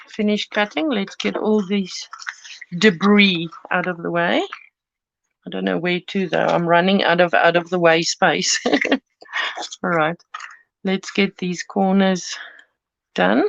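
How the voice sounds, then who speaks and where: A woman's voice: lowish voice, fairly even intonation, takes it slowly, vocal fry, pauses often, dry recording. A woman hosting a chatty live-stream craft tutorial from her home studio, rambling and giggling as she cuts paper. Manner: rambling and giggly, chats while cutting paper. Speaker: craft channel host. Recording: dull lo-fi, dry sound.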